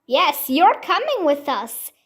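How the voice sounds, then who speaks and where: A woman voicing an excited, energetic young girl who calls out eagerly. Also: high-pitched, slow pace, exaggerated voice.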